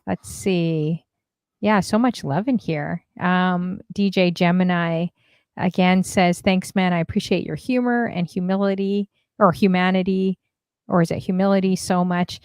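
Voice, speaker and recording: A woman's voice: on the low side, fairly even intonation, measured pace, a little mellow, clear, resonant tone, dry recording, studio quality. A woman hosting a casual livestream, chatting and reading viewer messages aloud with lots of fillers. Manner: chatty, many fillers, reads comments aloud. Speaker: stream host.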